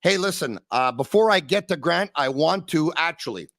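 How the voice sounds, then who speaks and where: A man hosting a hockey podcast, talking with excitable energy and sudden swings in pitch. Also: normal speed, no echo, studio quality. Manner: excitable, sings and shouts bits, big pitch swings. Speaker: podcast host. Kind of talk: energetic sports talk.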